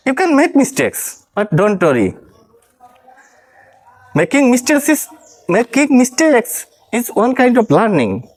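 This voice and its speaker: A man from Bangladesh with a Bangladeshi English accent, an English trainer giving an earnest, encouraging motivational talk, halting often to correct himself. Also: extremely high pitch.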